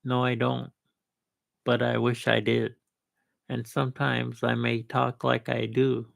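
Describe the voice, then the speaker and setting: A man's voice: mid-range voice, monotone, slow, gravelly, no room sound. A man hosting a live video stream, chatting casually in a rambling way, full of restarts and confident asides. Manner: rambling, with self-assured asides and many restarts.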